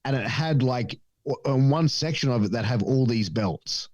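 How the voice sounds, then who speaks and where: A man's voice: mid-range voice, expressive, moderate pace, a little mellow, no room sound. Profane, rambling man. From Australia. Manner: rambling, profane, many fillers, acts out voices in stories. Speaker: podcast guest. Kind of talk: casual storytelling chat.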